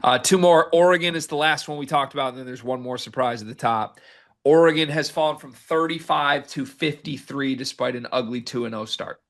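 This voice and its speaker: Guy cohosting a sports pod, bright voice, reads the stats and keeps the rundown moving. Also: mid-range voice, a little fast. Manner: runs the segment, reads stats and sets up each question. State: hiccuping. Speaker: podcast co-host. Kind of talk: casual sports chat.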